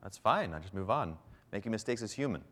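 A man with a slightly low voice leads a public speaking workshop in front of a live audience. He talks in an animated coaching manner and breaks off now and then to demonstrate. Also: fast. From Canada.

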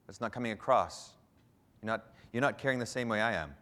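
A fast-talking man from Canada, his voice slightly low, coaches a live audience at a public speaking workshop. He is animated and interrupts himself now and then for demonstrations.

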